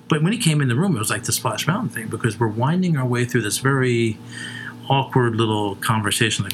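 A man's voice: medium pitch, lively intonation, fast talker, pushed and bright, slight background noise. A man co-hosting a comedy show, rambling through crude stories with lots of swearing and laughing at his own jokes.

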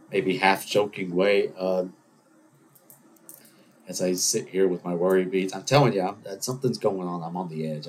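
Low-pitched and backed by a little hiss or hum, a podcast host of Greek heritage speaks alone in a casual monologue. He drifts from point to point, makes fun of himself, and drops into playful character voices.

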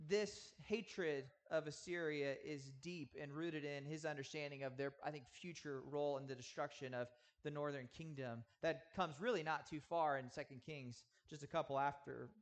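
Pastor guy in his 30s preaching, earnest, kinda high voice, leans hard on words. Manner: earnest, emphatic with slow drawn-out stresses. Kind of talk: sermon teaching.

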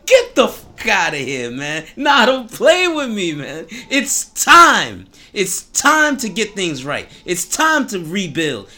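A man voicing an excitable old male mandrill sage who talks in loud, slangy disbelief. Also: high-pitched, pitched above the performer's own voice, heavily acted. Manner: slangy, incredulous, shouting with joy.

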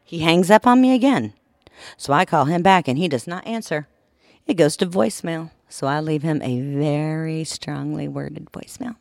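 A woman in her forties, a podcast co-host telling a story in casual chat, swearing freely and animated. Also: sits low, moderate pace, vocal fry, no room sound.

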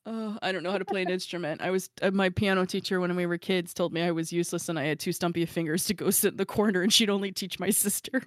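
A woman's voice: on the low side, fairly even intonation, quick pace, no room sound, studio quality. A woman hosting a podcast and chatting casually, rambling and self-deprecating with frequent giggles. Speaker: podcast host and author. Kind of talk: casual chat.

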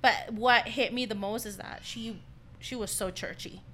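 Bright-voiced young woman telling stories. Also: on the high side, fairly even intonation, moderate pace, slight background noise. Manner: storytelling, quotes others in her tales. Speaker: podcast co-host. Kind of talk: casual chat.

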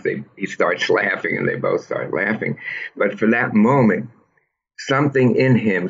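A trauma therapist, appearing as an interview guest, answers questions in a deep, husky voice with a fairly bright tone. He is thoughtful and teacherly, explaining ideas patiently and often restarting phrases. The recording sounds a little dull and lo-fi.

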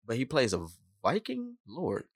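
A man co-hosting a podcast, chatting casually in a laid-back, soft-spoken way and dropping his voice low. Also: wildly swooping pitch, measured pace, no echo, studio quality. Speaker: podcast co-host. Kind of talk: casual chat.

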